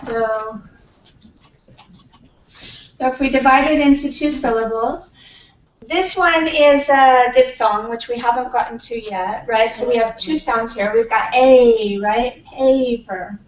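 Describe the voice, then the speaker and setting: A woman's voice: on the high side, slight background noise. Woman professor lecturing in an echoey classroom. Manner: patient, drawn-out modelling of sounds. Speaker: pronunciation professor. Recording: far-off, echoey, dull classroom recording.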